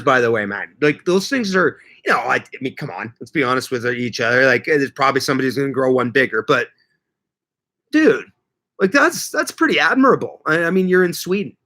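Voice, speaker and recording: A man's voice: medium pitch, sharp tone. A man hosting a casual gardening livestream, rambling and joking as he reads viewer comments aloud. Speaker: livestream host. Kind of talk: casual live chat with viewers.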